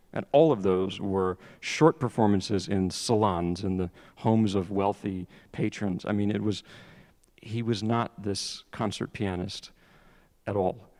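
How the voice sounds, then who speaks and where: Guy w a lowish voice giving a talk on piano, kinda halting, lots of restarts, big echoey hall. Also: darkish tone. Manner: halting, conversational, frequent restarts. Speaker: piano lecturer. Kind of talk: public lecture talk. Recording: long hall reverb.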